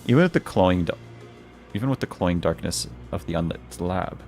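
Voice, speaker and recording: A man's voice: low-pitched, expressive, moderate pace, creaky, a little mellow, soft background music. A male streamer reading a game's story text aloud, often restarting words he stumbles on.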